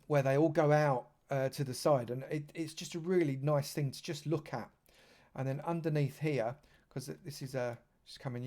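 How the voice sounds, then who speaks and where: A man's voice: a little high, a little mellow. A man giving a chatty live tour of a game server, heaping praise on what he shows. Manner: effusive, chatty, lavish with praise. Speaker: streamer touring a game server. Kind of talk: live gameplay tour commentary.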